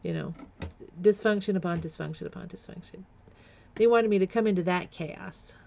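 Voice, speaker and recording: Vlogger woman with a gravelly edge, raw and candid, lo-fi recording. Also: on the low side, moderate pace, mellow, a little hiss or hum. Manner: candid, emotional, with nervous laughs and repeated words. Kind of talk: personal storytelling vlog.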